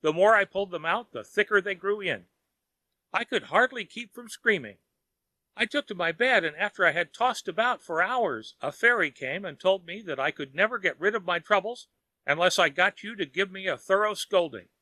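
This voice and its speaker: A man's voice: high-pitched, lively intonation, moderate pace, pushed and bright, dry recording, voice pushed up. A man voicing a miserly, desperate old man who wails and pleads frantically. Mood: pleading. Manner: frantic, begging.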